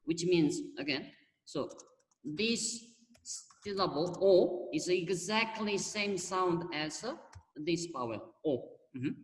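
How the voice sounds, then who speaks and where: A patient Korean language teacher who coaxes a student along, repeating prompts slowly over a video call. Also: male voice, sits high, animated. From South Korea. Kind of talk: online language lesson. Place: home room on a video call. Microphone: computer mic on a video call. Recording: distant, roomy video-call audio.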